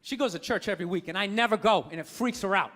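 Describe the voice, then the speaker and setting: High, bright ranting stand-up comedian man. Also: fast talker. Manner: ranting, profane, exasperated. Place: comedy club stage. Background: audience laughter.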